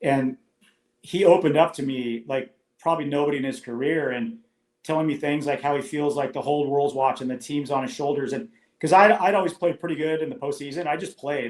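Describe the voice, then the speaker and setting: A man's voice: on the high side, darkish tone. A man in his fifties, a former ballplayer, telling rambling, anecdotal stories as a podcast guest. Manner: rambling, anecdotal, with many restarts. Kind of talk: casual storytelling chat. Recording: echoey room.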